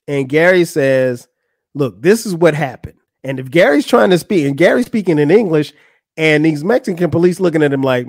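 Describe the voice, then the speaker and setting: A podcast host recounts a funny story in a casual, animated style, raising his pitch to act out the people he quotes. It's recorded at studio quality with no room sound.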